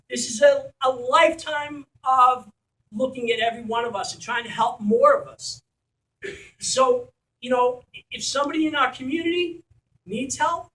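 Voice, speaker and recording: High-voiced man giving an impassioned speech. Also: a bit bright. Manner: passionate, blunt, swears when fired up. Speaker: community event organizer. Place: community gathering at a school. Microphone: distant from the mic. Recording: echoey room, recorded from far off.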